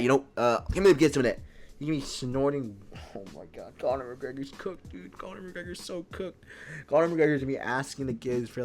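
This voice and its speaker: A man in his twenties giving comedic, casual commentary and constantly saying dude. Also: medium pitch. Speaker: video host. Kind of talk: comedic tier-list commentary.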